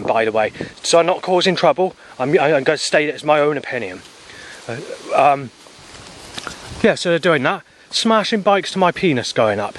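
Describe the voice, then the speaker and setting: A man's voice: fairly high pitch, a little hiss or hum. A man talking in an agitated, rambling video diary, swearing often and restarting his sentences. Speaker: vlogger.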